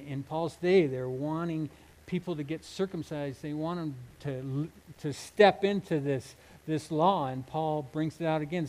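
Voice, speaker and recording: Brief: male pastor, slightly higher voice, earnest emphatic sermon delivery, halting restarts. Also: poor audio. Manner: earnest, emphatic, with frequent restarts and soft laughs.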